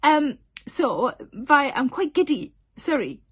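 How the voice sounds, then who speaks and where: A woman's voice: high voice, sing-song, slow pace, a bit bright. A woman in her forties chatting casually to camera about her tour dates, giggly and full of self-deprecating asides. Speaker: comedian announcing tour dates.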